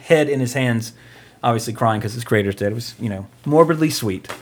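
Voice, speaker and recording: A man's voice: medium pitch, a little fast, slight background noise. Rambling, joking male podcast host. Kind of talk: casual podcast chat.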